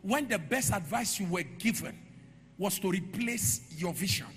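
Man, sermon, very high voice, bright and gravelly, shouted sing-song preaching, echoey church hall with music. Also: animated, measured pace. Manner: shifts from quiet storytelling to shouted, sing-song declarations.

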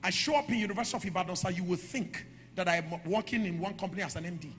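A man preaching a sermon in a church hall, moving from quiet storytelling to shouted, sing-song declarations. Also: high voice, racing. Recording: echoey hall with music behind.

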